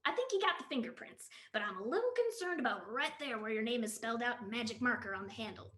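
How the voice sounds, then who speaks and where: A lonely, easygoing pilot who makes offhand, deadpan remarks, as a woman reads him. The voice is high and lively, with a roomy echo. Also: fast. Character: laid-back lonely male pilot, dry humor.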